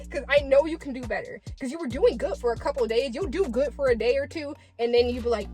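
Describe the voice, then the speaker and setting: A woman talks straight to camera in a casual commentary vlog, her fairly high voice carrying a blunt, exasperated tough-love tone. She swears freely as she lectures. Faint music plays underneath. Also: brisk. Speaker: commentary vlogger.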